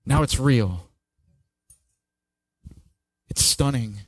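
A man preaching a sermon, slow and dramatic, sliding between hushed, near-whispered passages and raised, ringing peaks. His voice sits at an ordinary middle pitch. The recording is dry and close, with almost no room sound. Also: expressive, no echo. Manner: slow, dramatic preaching that swings from soft to loud. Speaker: pastor.

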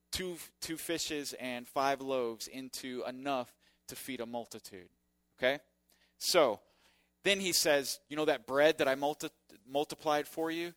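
Animated male preacher, dry sound. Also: medium pitch, no echo. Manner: animated preaching, swings from loud emphasis to quiet asides. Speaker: pastor. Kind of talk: sermon.

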